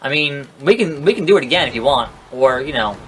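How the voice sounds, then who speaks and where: Speaking a little fast with lively intonation, a young gaming host gives casual let's-play commentary on a wrestling video game, rambling sarcastically and cursing at the characters. His voice is medium-pitched and fairly bright, with slight hiss or hum.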